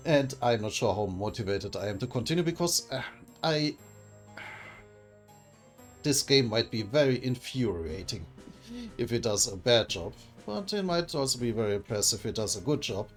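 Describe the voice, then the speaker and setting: A man's voice: medium pitch, lively intonation, normal speed, soft background music. A young man giving casual, hesitant, rambling commentary on a game he is playing. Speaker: gaming video host.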